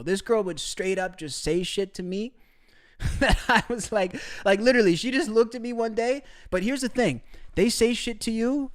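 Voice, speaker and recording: Laughing, cursing male streamer. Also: high voice. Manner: crude, laughing, brotherly slang. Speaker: live streamer. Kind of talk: casual live-stream commentary.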